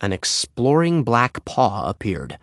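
A man reading a children's storybook aloud as narrator, in an expressive, animated way. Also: mid-range voice, slow pace, dry recording, studio quality.

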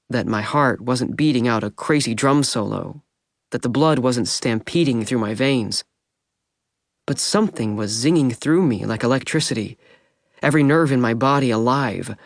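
A man narrating a first-person audiobook in a calm, intimate way. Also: mid-range voice, no echo, clean studio sound.

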